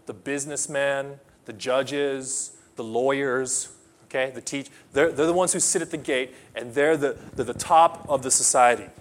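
A man preaching a sermon, emphatic, swinging between loud outbursts and quiet asides; English is not his first language. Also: medium pitch. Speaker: pastor.

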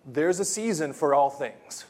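A man preaching a sermon as pastor, repeating phrases and swinging between loud emphatic bursts and quiet, hushed lines. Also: on the high side, expressive, unhurried.

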